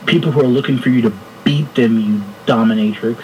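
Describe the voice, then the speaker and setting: A man's voice: mid-range voice, a little fast, a little mellow, distant mic, slight background noise, low-quality recording. A man co-hosting a podcast, trading joking, teasing banter. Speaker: podcast co-host. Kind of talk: casual chat.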